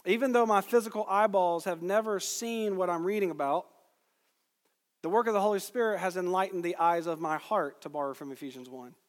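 A man's voice: on the high side, in a large hall. A man preaching a sermon, reading scripture aloud and stressing key phrases with emphasis.

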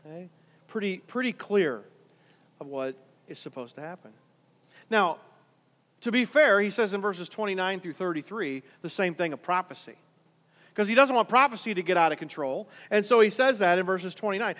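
High-voiced pastor in a reverberant hall. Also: male voice. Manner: conversational, swings from quiet asides to loud emphatic points. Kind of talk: sermon. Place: large church hall.

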